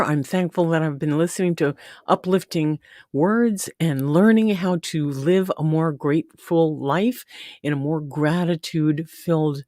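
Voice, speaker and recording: A woman's voice: sits low, darkish tone, no echo, studio quality. A woman hosting a casual live stream, chatting affectionately and greeting viewers by name. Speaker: livestream host. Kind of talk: casual livestream chat.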